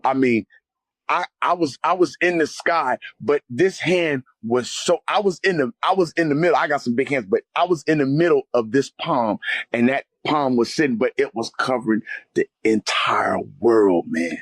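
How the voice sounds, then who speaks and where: A man tells an emotional spiritual testimony with fervent conviction, often adding "man" and "brother". His voice is slightly husky and sits at a middle pitch. The recording is dry, with almost no room sound. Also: animated, normal speed, no room sound. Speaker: guest sharing a testimony.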